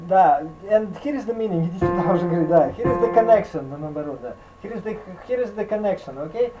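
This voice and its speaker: High-voiced Russian-accented piano teacher. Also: male voice, animated, rough recording. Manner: halting English with Russian fillers, scats melodies. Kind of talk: online piano lesson.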